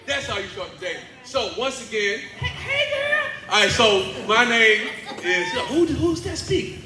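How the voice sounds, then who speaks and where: High, bright-voiced man leading an echoey school assembly. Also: unhurried. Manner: playful, animated, coaxing children to answer back. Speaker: motivational speaker and teaching artist. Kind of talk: energetic school assembly talk with call-and-response. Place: large indoor school hall. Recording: echoey hall with faint background noise.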